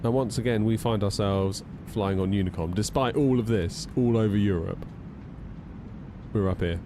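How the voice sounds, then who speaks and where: A man's voice: lowish voice, normal speed, noisy background. A man chatting casually on a flight sim live stream, wry and a little tired, reading out chat messages as he goes. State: yawning, tired.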